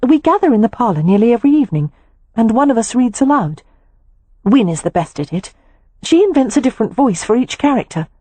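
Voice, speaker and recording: A woman reading an audiobook voices a lively, forthright young woman who talks in a high, eager, insistent way. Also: moderate pace, breathy edge, dry recording. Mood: eager, playful.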